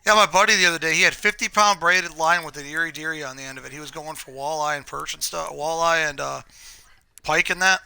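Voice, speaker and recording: A man's voice: a little high, fast, creaky, sharp tone, clear, resonant tone, no room sound. A man chatting casually on a live game stream, telling rambling, profane stories while he plays.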